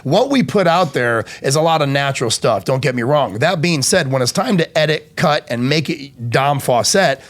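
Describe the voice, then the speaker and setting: A podcast host with a mid-range voice and lively intonation talks at normal speed, barely pausing. He tells stories in casual chat, swearing a lot and acting out quoted voices.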